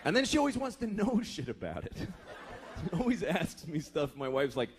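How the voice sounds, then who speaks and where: A man's voice: big pitch swings, normal speed. A man in his thirties doing a profane stand-up comedy set, slipping into acted voices. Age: 30s. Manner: profane, shifts into acted voices, deep groaning mimicry. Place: comedy club stage. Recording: live club with crowd laughter and noise.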